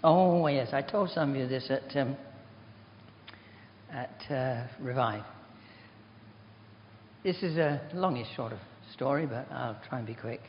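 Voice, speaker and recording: An older man delivers a relaxed sermon full of rambling anecdotes and self-deprecating asides. His voice sits at an ordinary pitch and rings through a big hall with long reverb. The recording is dull and muffled, with faint noise behind him. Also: measured pace, pauses often. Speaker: preacher.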